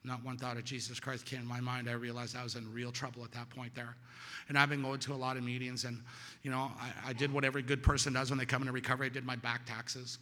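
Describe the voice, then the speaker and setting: Sharp-voiced man telling his story in a hall. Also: mid-range voice, fast talker. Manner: animated storytelling with sudden loud peaks and quiet drops. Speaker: recovery meeting speaker. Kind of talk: personal testimony to a meeting audience.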